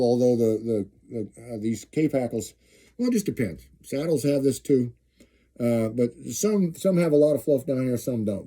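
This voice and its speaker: Very dark, mellow, and a little husky at medium pitch, this middle-aged eastern Kansan's voice leads a relaxed jig-tying demonstration. He's folksy and talkative, often saying his phrases twice while his hands stay busy.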